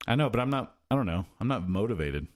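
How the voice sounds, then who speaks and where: A man's voice: on the low side, big pitch swings, fast talker. A man co-hosting a podcast in casual chat, rambling with many restarts and fillers. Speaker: podcast co-host.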